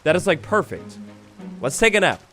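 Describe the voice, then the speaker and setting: A young man doing energetic, jokey commentary over his own game play, with bursts of mock drama. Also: high voice, normal speed, faint music behind. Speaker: gaming YouTuber. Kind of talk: Minecraft let's-play commentary.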